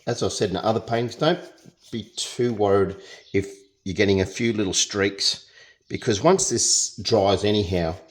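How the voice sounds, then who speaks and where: Deep-voiced Australian man teaching painting. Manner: chatty, jokey, talks while working. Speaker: painting tutor. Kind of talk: casual painting demonstration.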